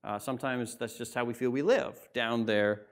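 A man's voice: mid-range voice, steady tone, normal speed. Man preaching a conversational sermon. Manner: expository preaching, conversational asides with "right?" and "like". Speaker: pastor. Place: church sanctuary.

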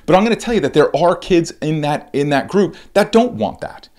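A middle-aged man hosting a solo podcast as a baseball coach, talking in an animated, conversational way, restarting sentences and acting out what players and coaches say with big jumps in pitch. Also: a little fast, hardly any pauses. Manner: frequent restarts and repeated words.

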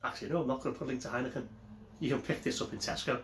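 Talking very fast in a medium-pitched, somewhat bright voice, a man gives a loose, chatty beer review on his vlog, rambling and self-correcting as he goes. The echoey recording carries a faint hiss or hum.

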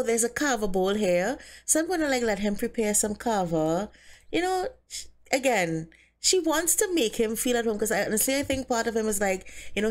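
A woman giving casual, excitable commentary on a life-simulation game she is playing, often speaking the characters' thoughts aloud. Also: mid-range voice. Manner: excitable, gasping and squealing, voicing the characters' thoughts. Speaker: let's play host.

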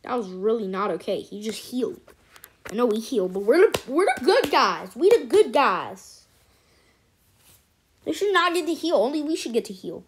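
A woman giving casual, excitable let's-play commentary as host of a gaming channel, chatty and cheering at her wins. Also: fairly high pitch, normal speed, slightly rough.

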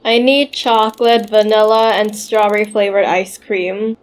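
A woman's voice: mid-range voice, level tone, a little slow. A woman giving playful, giggly, chatty commentary while playing a video game. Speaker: gamer.

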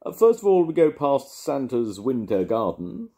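A man's voice: fairly low pitch, big pitch swings, normal speed, creaky, mellow, pitched above the performer's own voice. A grandfather voicing a cheerful, bumbling middle-aged father who hesitates with fillers. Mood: trying cheerful.

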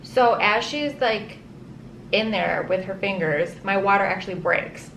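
Woman, casual storyteller, animated and dramatic, filler-heavy, mid-pitched, echoey room with faint hiss. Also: unhurried, vocal fry. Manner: animated, dramatic, says "like" often. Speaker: vlogger telling her birth story. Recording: roomy echo with faint ambient hiss.

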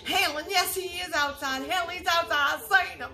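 A woman comedian in a comedy sketch, with a very high, bright voice. She talks in a panicky, frantic way and breaks into fake sobs. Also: a little fast, few pauses.

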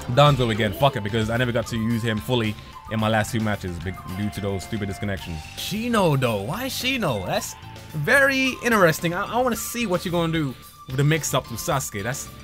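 A young man commentating his own online match with excitable, profane trash talk. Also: mid-range voice. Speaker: gaming channel host. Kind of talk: live gameplay commentary.

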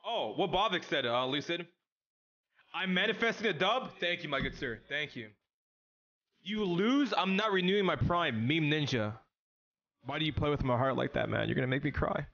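Excitable young male streamer, lively and bright. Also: a little high, moderate pace, creaky, highs cut off. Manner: excitable, slangy, talks straight to chat. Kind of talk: casual live-stream chat while gaming.

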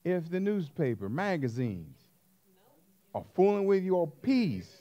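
A man preaching a sermon as pastor, emphatic, swinging between hushed asides and loud stressed words. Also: fairly high pitch, sing-song, takes it slowly.

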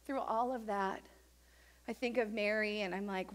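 A woman pastor preaching a sermon in an animated, emphatic storytelling manner. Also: mid-range voice, normal speed.

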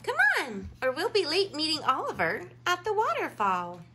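A woman's voice: high voice, huge pitch swings, normal speed, sharp tone, pitched above the performer's own voice, heavily acted. Woman doing a bubbly big sister bear. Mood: cheerful. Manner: bubbly, reassuring, firm.

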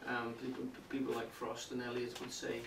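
A man's voice: medium pitch, completely flat delivery, normal speed. A man giving a public talk on poetry to a live audience, explaining step by step and often checking in with the listeners. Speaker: lecturer. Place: indoor room with a live audience. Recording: roomy, distant, faint hiss.

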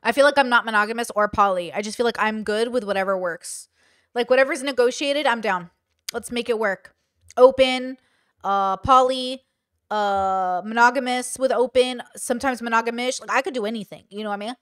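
A woman's voice: on the high side, a little fast, fairly bright tone, no echo, studio quality. A woman streaming live, chatting casually as she reacts to a video and reads out viewer comments.

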